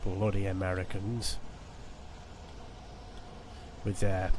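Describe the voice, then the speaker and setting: A man with a Yorkshire accent giving casual live commentary on a horror game, rambling through puns and breaking into sudden excited yelps. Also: medium pitch, measured pace. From England. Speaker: game streamer.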